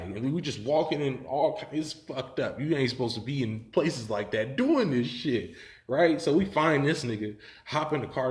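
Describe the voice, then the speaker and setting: A man's voice: on the low side, echoey room. A man telling a story in casual, profane talk, rambling and laughing as he goes.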